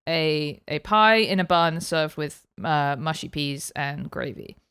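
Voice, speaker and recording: Smooth-voiced British woman podcast host. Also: deep voice, slow, dry recording, clean studio sound. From Britain. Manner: chatty, animated storytelling. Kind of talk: casual chat.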